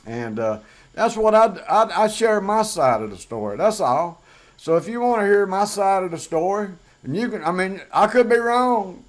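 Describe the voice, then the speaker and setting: Frank Southern US man, fairly high voice. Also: big pitch swings, moderate pace. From southern United States. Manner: frank, plain-spoken, blunt. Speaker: channel host. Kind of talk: casual monologue to camera.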